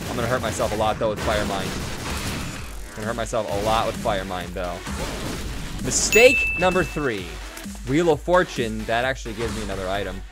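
A young gaming YouTuber provides Let's Play commentary on his own run, with game music playing behind him. His mid-range voice is excitable, swinging from quick mumbles to loud whoops, and he swears freely.

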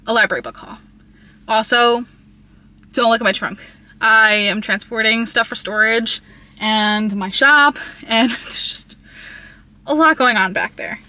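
A woman's voice: fairly high pitch, measured pace, pauses often, sharp tone. A woman chatting casually and upbeat about her book haul in a vlog, rambling a little and a bit out of breath, talking from her car. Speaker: book vlogger.

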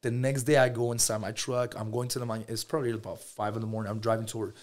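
Fast-talking man telling a story. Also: on the low side. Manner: animated, slangy, says "bro" often; quick talker. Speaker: podcast guest. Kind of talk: casual storytelling.

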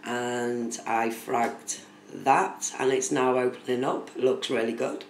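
A woman's voice: very deep voice, fairly even intonation, takes it slowly. A woman from the UK chatting casually on a live stream, reading out viewer comments and answering them. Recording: echoey room with faint noise.

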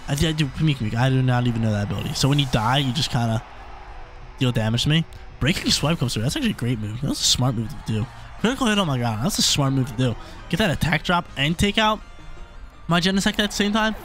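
Gaming host, male, mid-range voice, chatty play-by-play commentary, throat a little rough, soft music under him. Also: medium pitch, quick pace. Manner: excitable, chatty, thinks out loud. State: coughing, throat irritated. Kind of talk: live commentary on a video game battle.

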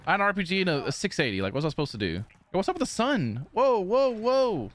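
A man commentating his own shooter match, with a high voice that leaps all over the place. He trash-talks and laughs at the other players, with a faint hiss of noise behind him. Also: very animated, fast talker. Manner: trash-talking, laughing, exclamatory. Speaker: gaming streamer. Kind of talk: excited gameplay commentary.

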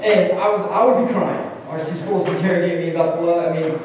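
A male pastor with a high voice preaches in an animated, storytelling way, often restarting his sentences. He is heard from a distance in a large, echoing hall, with a faint hum of ambience behind him. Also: fast talker. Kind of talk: sermon. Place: church hall. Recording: echoey hall from far off.

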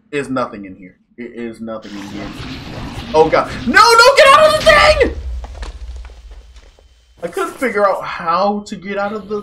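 A young man giving casual gameplay commentary, yelping and shouting in panic, then muttering nervously between scares. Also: a little high, background noise. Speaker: gaming YouTuber.

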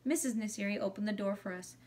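A woman reading a children's chapter book aloud in a gentle, expressive way. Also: mid-range voice, fast talker, far from the mic. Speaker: audiobook reader.

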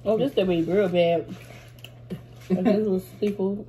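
A woman trades sassy, drawling remarks while eating with friends. Her voice is mellow and mid-pitched. A faint noise sits under the recording. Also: steady tone, a little slow. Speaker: podcast co-host. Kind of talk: casual chat during a mukbang.

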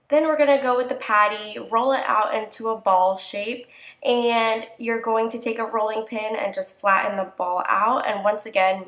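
A young woman with a nasal, congested voice from a cold gives chatty, relaxed step-by-step crafting instructions in a casual voice-over. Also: medium pitch, roomy sound. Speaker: crafting tutorial host.

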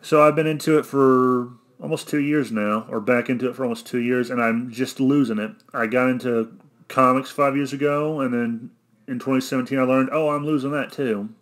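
Young arkansan guy ranting solo, flat monotone, blunt, keeps correcting himself. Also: mid-range voice, normal speed. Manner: rambling, self-correcting, blunt and cynical. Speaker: vlogger. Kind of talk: rambling solo rant.

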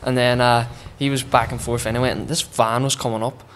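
A man with a Derry accent, a guest on a podcast, telling a story in a halting way and leaning on fillers. Faint noise sits behind his mid-pitched voice. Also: level tone, fairly bright tone. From Derry, Northern Ireland. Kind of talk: casual chat.

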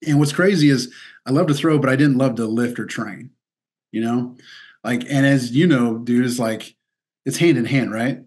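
This guest athlete from Missouri has a mid-range, slightly mellow voice and talks at a moderate pace. Chatting in a casual interview, he tells stories, laughs a lot, and sprinkles in "dude" and "like."

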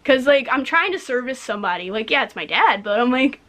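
Young woman, high pitched, blunt profane rant, casual podcast talk. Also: a little fast. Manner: blunt, profane, animated storytelling. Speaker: podcast co-host.

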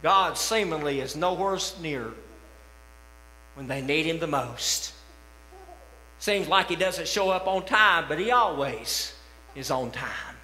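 A man preaching a sermon as pastor, impassioned and rising to shouts, recorded in a church sanctuary. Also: sits high. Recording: echoey church hall with long reverb.

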